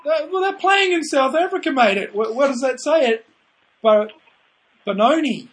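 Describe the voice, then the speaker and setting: A man's voice: very high-pitched, lively intonation, normal speed, slight background noise. A man co-hosting a podcast, chatty and joking, often calling people mate. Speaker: podcast co-host. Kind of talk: casual chat.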